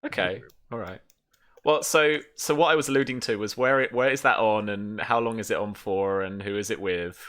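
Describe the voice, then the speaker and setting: A man hosting a tabletop game, jokey and quick to laugh. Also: on the low side, a bit bright, smooth. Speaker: game master.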